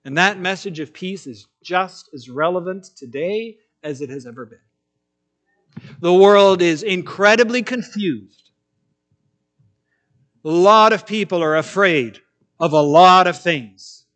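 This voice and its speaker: High-voiced man preaching a sermon. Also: a little slow, pauses often. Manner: animated storytelling, acts out quotes in different voices.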